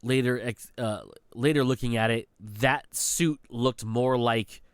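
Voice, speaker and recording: A man co-hosting a podcast, laying out a movie argument in an animated way and checking for agreement often. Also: mid-range voice, a little slow, smooth, dry recording. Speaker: podcast co-host. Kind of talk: casual movie review chat.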